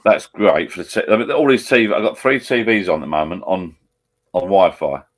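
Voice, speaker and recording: A man with an Essex accent rambles cheerfully as he hosts a live chat from home. His voice sits very low, and he drifts from topic to topic like talk at the bar. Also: lively intonation, brisk. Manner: rambling, chatty, blokey. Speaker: live stream host. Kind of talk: casual banter over a video call. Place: at home beside a laptop.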